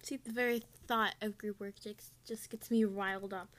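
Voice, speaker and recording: A woman's voice: medium pitch, fairly even intonation, moderate pace, fairly bright tone. A teenage girl in a casual vlog, ranting in an exasperated, sarcastic way about her online class. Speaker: student vlogger.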